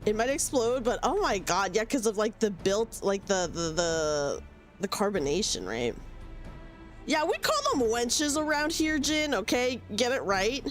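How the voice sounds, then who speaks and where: Young woman streamer, chatty and giggly, animated slightly high voice, soft music behind. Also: unhurried. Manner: giggly, chatty, self-deprecating. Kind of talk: casual live-stream chat.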